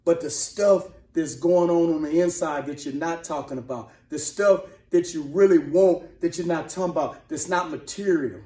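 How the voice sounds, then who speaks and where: A man preaching with a high-placed voice and heavy emphasis, repeating lines to drive them home. He swings from near-shouts to hushed, slowed-down asides. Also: reverberant. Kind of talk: sermon-style motivational talk.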